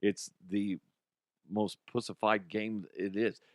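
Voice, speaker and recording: A man in his thirties or forties hosts a comedy sports-news podcast in a fairly low voice, recorded dry and close. His talk is blunt and profane, jumping from heated rants to muttered, quiet asides. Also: flat delivery, slow pace, dry recording. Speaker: podcast host. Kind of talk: casual comedic news commentary.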